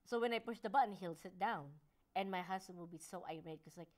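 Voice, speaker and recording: A woman's voice: lowish voice, a little fast. Chatty woman telling pet stories. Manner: chatty storyteller, voices her dog and husband, laughs often. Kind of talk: casual chat.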